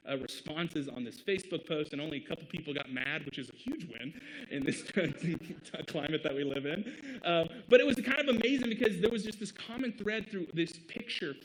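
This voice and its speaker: Earnest pastor, slightly high voice. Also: male voice, poor audio. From Midwest United States. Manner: conversational, earnest, laughs between points. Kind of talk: sermon.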